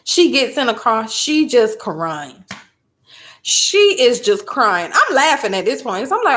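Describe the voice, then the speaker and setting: A mother chatting casually as a host, telling a story in an emphatic, animated way. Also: on the high side, unhurried. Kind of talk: casual chat.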